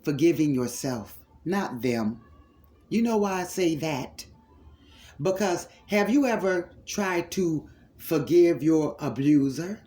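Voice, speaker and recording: Slow, fervent preaching man. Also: a little high, expressive, mellow. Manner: preaching with fervor, repeating phrases, addresses listeners as loved ones. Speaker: spiritual healer preacher. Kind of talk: impassioned spiritual sermon.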